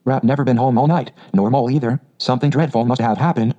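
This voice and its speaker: A hearty, fearless otter from a storybook, chatting away cheerfully, as a man puts him on. The voice is warm and mellow, and the recording is somewhat dull. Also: mid-range voice, steady tone, quick pace, close to an everyday voice. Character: hearty, bold male otter, cheerful adventurer.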